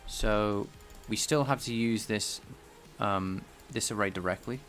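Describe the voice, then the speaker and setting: A man's voice: lowish voice, measured pace, fairly bright tone, soft background music. A man live-streaming his programming work, thinking aloud in a casual, rambling way and chatting with viewers. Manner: rambling and self-deprecating, chatting with viewers between tasks.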